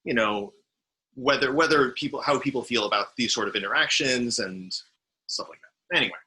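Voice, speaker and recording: A man's voice: mid-range voice, a little fast, pushed and bright, low-quality recording. A man speaking as a player in an out-of-game group discussion, earnest and reassuring.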